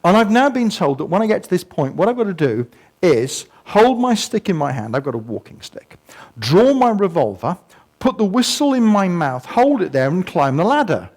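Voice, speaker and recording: A man's voice: high-pitched, sing-song, normal speed, a little mellow. An older man giving a humorous talk to an audience, telling stories with self-mocking asides and sound effects. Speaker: guest speaker. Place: museum talk before a live audience.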